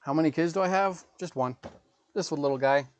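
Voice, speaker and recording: A man's voice: a little high, fairly quick, a little mellow, dry recording. A man in his thirties, a gaming livestreamer, telling rambling, profane stories in casual chat.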